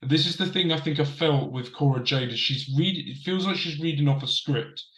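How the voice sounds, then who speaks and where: A man's voice: fairly high pitch, normal speed, a bit bright. Chatty man reviewing wrestling, roomy sound. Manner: chatty, repeats himself for emphasis. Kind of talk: casual commentary. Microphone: desk camera setup.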